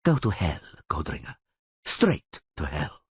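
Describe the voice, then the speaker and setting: A man plays a tall half-elf assassin, cold and hissing. Menace in slow, clipped words. Husky grain, dry sound. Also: extremely low pitch, wildly swooping pitch, dry recording, exaggerated voice. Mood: menacing.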